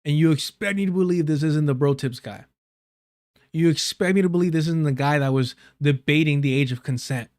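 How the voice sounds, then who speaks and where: A man's voice: a little high, brisk, darkish tone, dry recording, clean studio sound. A man hosting a live stream, giving angry, repetitive commentary on a clip, swearing often. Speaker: live stream host reacting to clips.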